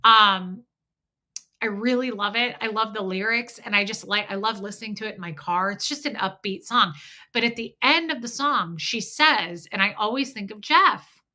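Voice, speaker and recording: This middle-aged woman hosts a relaxed livestream, rambling frankly and greeting viewers by name through a slightly stuffy nose. She speaks at a moderate pace in a bright, forceful, medium-pitched voice.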